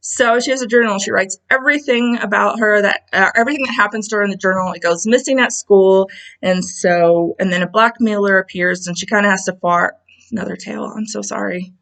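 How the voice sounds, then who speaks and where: A woman talks casually about her novels from home, chatty and relaxed, with plenty of ums and side remarks. Her voice sits at a middling pitch and comes through a video call. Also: a little fast, creaky, poor audio. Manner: chatty, with many ums and asides. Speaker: author presenting her books.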